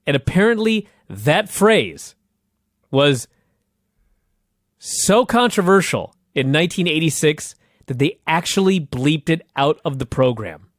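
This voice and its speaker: Animated man co-hosting a podcast. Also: fairly high pitch, a little slow, dry recording, studio quality. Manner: animated, laughing, emphatic. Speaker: podcast co-host. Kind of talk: casual chat recapping old wrestling.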